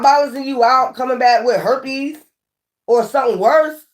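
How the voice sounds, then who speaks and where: A woman giving a casual, animated tarot reading, often scolding and repeating herself. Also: sits high, brisk. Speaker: tarot reader.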